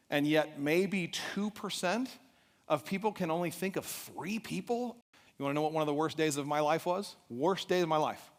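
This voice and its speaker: A middle-aged man giving a motivational talk at a live event, telling a personal story with animated delivery and asking the audience questions. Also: fairly high pitch. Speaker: event speaker. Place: large event hall. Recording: echoey hall reverb.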